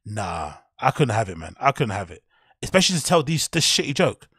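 A man commentating on a video with blunt, heated opinions and plenty of profanity. His voice carries a gravelly rasp and sits mid-range. The sound is dry and close to the mic. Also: mid-range voice, big pitch swings, fairly quick, a bit bright, dry recording. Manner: blunt, heated, swears a lot. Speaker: commentator reacting to a clip.

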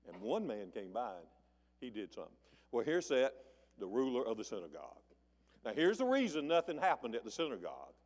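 In a church sanctuary with big-room sound, a pastor delivers a sermon in a sing-song, slightly mellow voice at a moderate pace, leaving long pauses. His folksy storytelling voices the people in it, swinging widely in pitch and volume.

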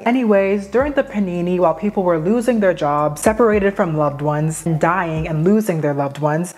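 A woman's voice: fairly low pitch, a little mellow. A woman giving casual commentary on her own video channel, chatty and wry, with plenty of slang. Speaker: commentary YouTuber.

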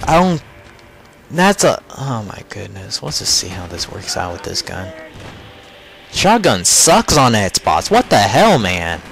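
A man's voice: on the low side, sing-song, takes it slowly, gravelly, a bit bright, a little hiss or hum. Young guy ranting over his shooter game, cussing, voice jumping all over, faint gunfire behind. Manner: frustrated, swearing, mocking opponents. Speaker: gamer recording his own matches. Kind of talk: live gameplay commentary.

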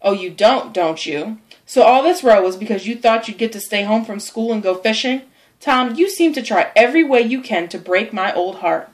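Brisk no-nonsense aunt scolding a boy, woman reading it, storybook style. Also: a little high, animated, lightly acted. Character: Aunt Polly, stern but soft-hearted older aunt.

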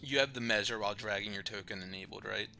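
A man with a bright, forceful voice runs a tabletop game, narrating loosely, laughing and swearing as he goes. His voice sits a little low, with faint music behind it. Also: fast talker, vocal fry. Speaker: dungeon master.

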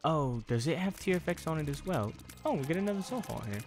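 A young gaming video creator chats casually as he plays a video game, even talking to the enemies on screen. His voice is a little high, and he's expressive and talks fast. Game music plays faintly behind him.

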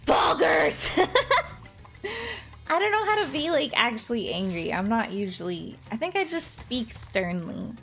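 A woman's voice: on the high side, big pitch swings, unhurried, fairly bright tone, soft background music. A young woman streaming casually, giggly and bashful, laughing often as she chats with her viewers. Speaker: VTuber streamer. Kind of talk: casual live-stream chat.

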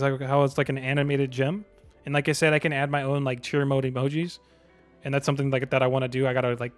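A young man streaming a game live, chatting to viewers in slang and bursting into excited yells. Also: medium pitch.

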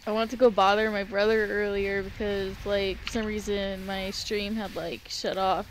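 A woman's voice: medium pitch, level tone, moderate pace, a little hiss or hum. A woman chatting with a friend, curious and talkative, filling her speech with "like", feeling cold. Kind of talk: casual chat.

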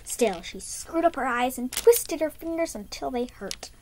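A young woman reads a children's book aloud with lively, expressive storytelling. Her voice sits a little high, and a faint noise hums in the background. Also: unhurried. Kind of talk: reading a picture book aloud.

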